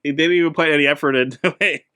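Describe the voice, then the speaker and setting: A man's voice: on the high side, steady tone, quick pace, sharp tone, clean tone, dry recording, clean studio sound. A young man co-hosting a casual movie review podcast, teasing and questioning his partner. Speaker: podcast co-host.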